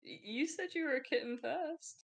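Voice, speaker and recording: Lively woman, casual and swearing. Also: high-pitched, moderate pace, gravelly. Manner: laughing, coaching, swears casually. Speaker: tabletop game player. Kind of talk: casual chat on a voice call.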